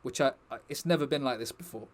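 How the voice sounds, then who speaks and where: A man's voice: mid-range voice, quick pace. A young man chatting casually to his stream viewers, rambling and joking with the chat.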